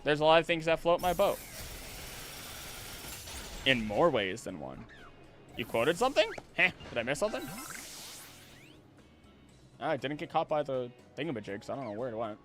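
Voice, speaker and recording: A man streaming a game and chatting casually, rambling and animated, now and then slipping into playful voices. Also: medium pitch, normal speed, long pauses, faint music behind. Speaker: streamer and voice actor.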